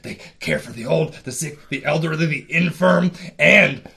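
A man doing a gravelly, rambling conspiracy talk-show blowhard. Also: fairly high pitch, moderate pace, bright, forceful tone. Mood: conspiratorial. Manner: rambling, earnest, prone to emotional outbursts. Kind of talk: improv comedy impression.

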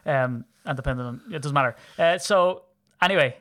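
A man in his thirties from Ireland, co-hosting a podcast in quick, teasing casual chat. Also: mid-range voice, fairly bright tone. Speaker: podcast co-host.

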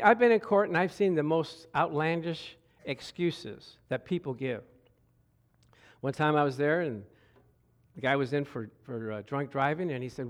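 Man, middle-aged, preaching, lively storytelling, stammered repeats, higher pitch. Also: measured pace, pauses often. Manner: animated, stammering repeats, bursts of laughter. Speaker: pastor. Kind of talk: sermon with storytelling.

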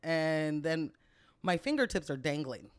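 Low-voiced woman telling a story. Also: animated, a little slow, clear, resonant tone. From Portland, Oregon. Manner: laughing, vivid storyteller. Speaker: podcast co-host. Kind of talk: casual storytelling chat.

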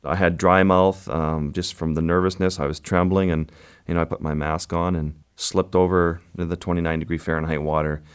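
A man, a photographer guest, recounting an encounter in a measured, vivid interview style. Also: deep voice, little pitch movement, clear, resonant tone. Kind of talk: interview storytelling.

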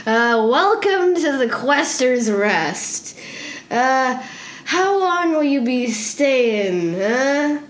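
A man's voice: extremely high pitch, sing-song, drawn-out words, fairly bright tone, voice pushed up, heavily acted. A woman voicing a sleepy, scatterbrained male innkeeper who talks in a drowsy, hesitant, obnoxious way, recorded in a roomy space. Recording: roomy echo.

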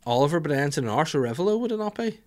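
A man's voice: on the high side, sing-song, rapid-fire, a little mellow. Jokey, sweary man. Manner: playful, jokey, laughs often, sweary. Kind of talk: casual live chat.

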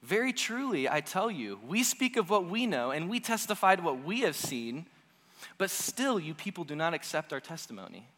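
An exasperated teacher who keeps pressing his point with sharp questions, voiced by a male preacher. He speaks in a high, bright, strongly rising and falling voice. It carries a long reverb from a large hall. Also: very animated, normal speed. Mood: heated. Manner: heated, insistent, rhetorical questions. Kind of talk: dramatized scripture quotes in a sermon.

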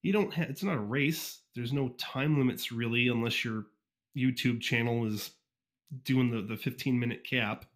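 A man from Northeast Ohio, a guest on a podcast, chatting casually and informally with lots of fillers and restarts, recorded on a USB condenser microphone. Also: medium pitch. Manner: fast-talking, informal, frequent fillers and restarts. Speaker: podcast guest, fan audiobook reader. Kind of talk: casual interview chat.

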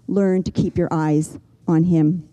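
An older woman preaching a sermon, earnest and gentle, slowing down and pausing for emphasis. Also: lowish voice, steady tone, muffled recording. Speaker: pastor.

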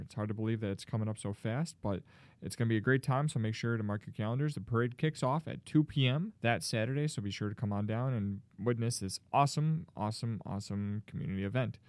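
A man hosting a podcast, announcing in a jokey, energetic way. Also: mid-range voice, no echo. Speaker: podcast host.

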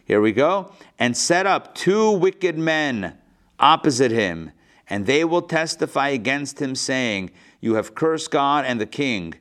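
A man leads a live class as a rabbi, reading passages aloud and then retelling them in casual, modern words. His delivery is animated and playful, and he acts out the characters' lines. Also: medium pitch, a little slow. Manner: lively, acts out the quotes with playful modern paraphrase. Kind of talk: live lesson, reading and explaining a text.

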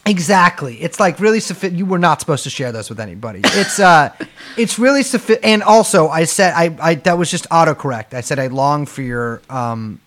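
A man co-hosting a podcast in loose, casual chat. He rambles and cracks jokes, leaning on lots of fillers. His voice sits a little high and moves around a lot in pitch. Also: very animated, a little fast, fairly bright tone. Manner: rambling, joking, many fillers. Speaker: podcast co-host.

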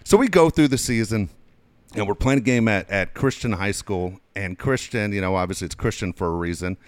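A man's voice: fairly quick, no echo. A man telling profane anecdotes in casual chat as a podcast co-host. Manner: animated, profane anecdotes with swings in pitch. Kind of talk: casual storytelling.

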